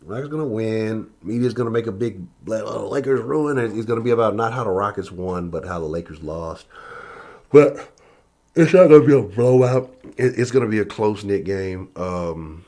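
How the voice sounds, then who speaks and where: A man's voice: lowish voice, moderate pace, dark tone. A man hosting his sports channel in a casual live-stream chat from his home office, profane and loose.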